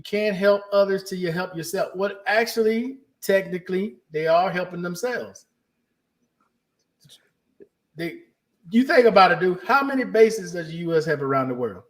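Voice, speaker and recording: A man's voice: sits high, lively intonation. A man hosting a casual podcast, talking bluntly and saltily. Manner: blunt, salty, fast-talking. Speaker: podcast host.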